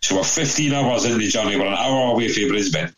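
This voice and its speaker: Man, deep register, rambling swear-heavy storyteller; busy crowd behind him. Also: quick pace, rough recording. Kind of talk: casual anecdote.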